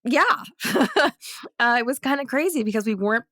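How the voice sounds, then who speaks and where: Woman guest actress, animated storyteller, acts out voices, dry close sound. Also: fairly high pitch, fairly quick, dry recording. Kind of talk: podcast round-table storytelling.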